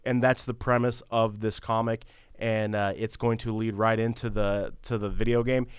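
A man co-hosting a casual podcast chat, talking in a halting, rambling way with lots of fillers and restarts. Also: lowish voice, flat delivery, clear, resonant tone, dry recording, clean studio sound. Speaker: podcast co-host.

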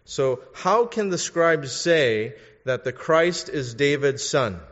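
A man's voice: a little high, animated, slow, fairly bright tone. A man preaching a sermon, asking his listeners pointed questions and urging them to think. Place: church. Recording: dull sound in a reverberant hall.

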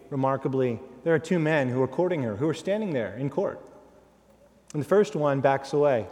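A man preaching in a large sanctuary, his voice carrying a long hall reverb. He tells the story dramatically and slips into the voices of the people in it. His pitch sits in the ordinary middle. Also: darkish tone. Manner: dramatic storyteller who acts out quotes. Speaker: guest preacher. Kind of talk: sermon.

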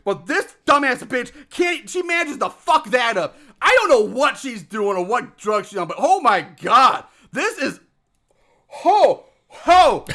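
A man with a very high, bright voice recaps a movie for a podcast. He is profane and sarcastic, laughs often and mocks the characters with quick impressions. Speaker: podcast co-host reviewing a movie. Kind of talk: casual comedic movie recap.

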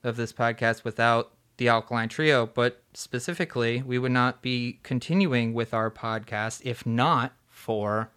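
A man co-hosting a music podcast in relaxed, jokey conversation. He talks slowly and unhurriedly. His voice is smooth and clear, and his pitch sits in a middle range. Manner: relaxed, jokey, enthusiastic about bands. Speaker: podcast co-host. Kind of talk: casual music chat.

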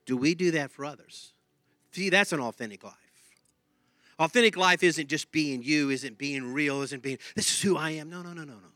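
A man preaching a sermon, animated, repeating himself and laughing now and then. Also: mid-range voice, dry recording. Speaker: pastor.

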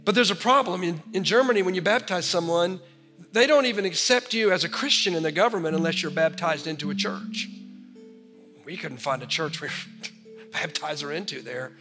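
A man preaching a sermon to a congregation, telling a story with animated delivery and then leading a prayer. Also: on the high side, normal speed. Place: church sanctuary. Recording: large hall reverb with faint music.

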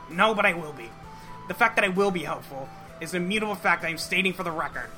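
A man's voice: high-pitched, animated, quick pace, bright, forceful tone, faint music behind. A man voicing a crude, contrary young male alien troll, talking in a nasal, mocking, insulting way. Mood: taunting.

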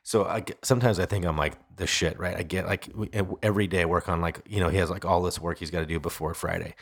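A man in his thirties chats on a casual podcast with a somewhat low voice. He tells exasperated stories, swears freely and leaps high in pitch when he quotes his own outbursts. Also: fairly even intonation, quick pace, slightly rough. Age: 30s. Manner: exasperated storytelling, swearing, voice jumping up when quoting himself. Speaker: podcast co-host. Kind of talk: casual chat.

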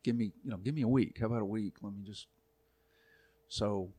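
A man around sixty, a youth pastor, tells a long story in a relaxed podcast chat, acting out quoted voices and laughing often. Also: fairly low pitch, fairly quick, husky, dry recording. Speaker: youth pastor and church elder.

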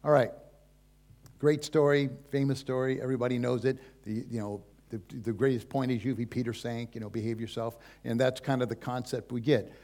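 A man's voice: mid-range voice, a little mellow. An older man preaching a sermon as pastor, in a folksy, conversational way full of asides and rhetorical questions.

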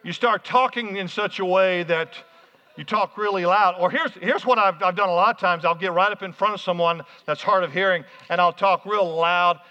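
A man preaching a sermon as pastor, energetic, calling out to the congregation in a church hall. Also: sits high, normal speed. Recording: muffled, hall reverb.

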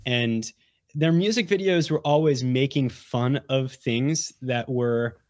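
A man's voice: mid-range voice, slow, a little mellow, no echo, studio quality. A man as a podcast guest, chatting casually and rambling with many fillers and restarts. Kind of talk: casual chat.

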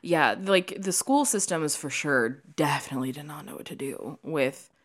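Lady podcast host, lowish voice, chatty and animated, swears a lot, says like constantly. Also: normal speed. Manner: animated, swearing, many "like" fillers. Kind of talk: casual chat reviewing a movie.

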